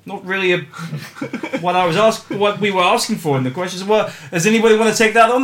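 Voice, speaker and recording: A man's voice: sits high, lively intonation, brisk, a bit bright, echoey room. A man hosting a casual comedic podcast, reading listener questions with playful laughter and stammered restarts.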